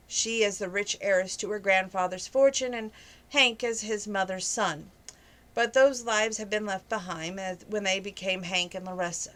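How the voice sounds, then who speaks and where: Woman casually reading a novel aloud. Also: mid-range voice. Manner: conversational, with small stumbles. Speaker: reader.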